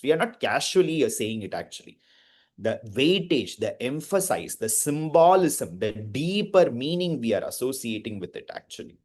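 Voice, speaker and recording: A man teaching Sanskrit pronunciation, drilling verses syllable by syllable with short explanations. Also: medium pitch. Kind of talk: pronunciation lesson, call-and-repeat recitation.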